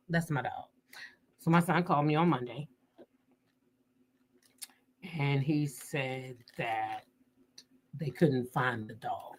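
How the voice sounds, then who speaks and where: A woman telling viewers a personal story in a casual, animated and emotional way. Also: a bass voice, slightly rough. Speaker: vlogger.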